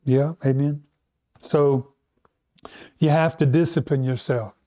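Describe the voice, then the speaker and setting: A male pastor preaches a sermon in a high voice. He drives his points home with emphasis and keeps turning to the congregation with questions. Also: steady tone, takes it slowly, warm tone.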